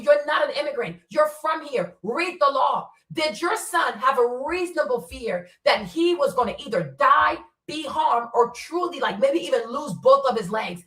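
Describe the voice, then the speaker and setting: Woman, blunt profane commentary, rapid rhetorical questions, echoey distant sound. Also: high-pitched, fairly bright tone. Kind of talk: impassioned commentary. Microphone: streaming setup. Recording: roomy sound from away from the mic.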